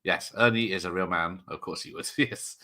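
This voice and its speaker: A man's voice: deep voice, moderate pace, noisy background. A man hosting a watch-party stream, chatting and joking through rambling tangents. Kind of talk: casual live-stream commentary.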